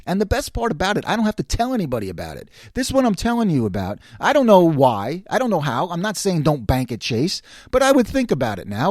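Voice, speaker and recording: A middle-aged New Yorker, a vlogger, rants in a casual monologue, telling a story with exasperation and acting out the other people's lines. His voice sits high and is a little mellow, recorded clean in a studio with no echo.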